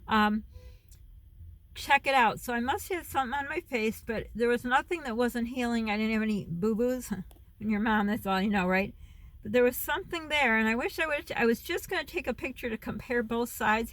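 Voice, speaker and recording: A middle-aged woman chatting to her phone camera, rambling and losing her thread, laughing often as she talks. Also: on the high side. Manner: rambling, loses her thread and veers off topic. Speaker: vlogger and mom. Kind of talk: casual chat to camera.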